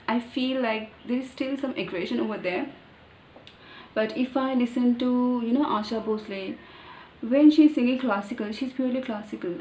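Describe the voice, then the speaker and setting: A woman with an Indian English accent talking casually about learning pronunciation, thinking aloud with many pauses and fillers. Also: a little high, a little mellow, slight background noise. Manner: halting, thinking aloud, with fillers and demonstrated sounds. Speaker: language learner. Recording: echoey room, faint ambience.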